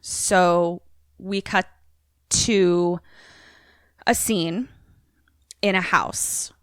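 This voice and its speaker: A woman podcast co-host casually retelling a film's plot, animated and profane, slipping into quoted voices. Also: lowish voice, very slow, smooth, no room sound, clean studio sound.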